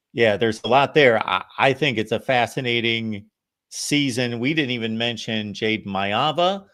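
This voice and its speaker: Low-voiced steady male host. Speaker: show host. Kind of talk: casual sports talk.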